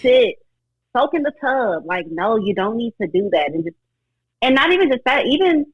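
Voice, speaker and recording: Husky-voiced woman, earnest and reflective. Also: on the high side, sing-song, moderate pace, dry recording. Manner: reflective, earnest, talks to herself aloud. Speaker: guest. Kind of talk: faith-based talk show conversation. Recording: dull lo-fi audio.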